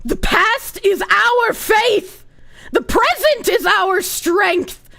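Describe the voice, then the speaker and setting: A woman's voice: very high-pitched, gravelly, bright, forceful tone, pitched above the performer's own voice, heavily acted. A woman doing a grand inspirational ad announcer. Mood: solemn. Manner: slow, solemn, uplifting delivery.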